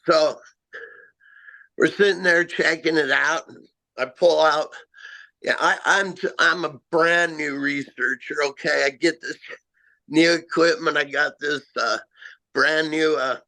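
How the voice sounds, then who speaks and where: A middle-aged man recounts a strange outdoor encounter in first person. His voice sits a bit high for a man, and he takes his time, halting and restarting with a self-mocking edge. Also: steady tone, gravelly, pushed and bright, poor audio. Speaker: amateur Bigfoot researcher.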